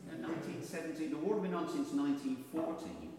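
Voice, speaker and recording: A man's voice: fairly high pitch, fast, darkish tone. A man with a Birmingham accent doing self-mocking stand-up comedy with rambling asides. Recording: echoey hall, distant mic, faint noise.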